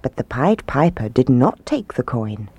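Storyteller, female, low and melodic, rhythmic expressive read, dry studio sound. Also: unhurried, slightly rough, no room sound. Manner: expressive, rhythmic verse reading. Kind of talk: storybook narration.

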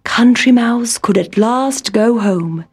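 A woman reading a children's storybook aloud in a gentle, expressive way. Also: on the high side, slow, breathy edge.

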